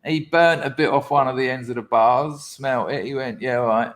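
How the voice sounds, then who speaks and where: A man's voice: medium pitch, normal speed, a bit bright. Guy on a podcast, blunt and sweary, does the voices of people in his stories. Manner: blunt, sweary storytelling, acts out quoted voices. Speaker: podcast guest. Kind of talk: candid storytelling interview.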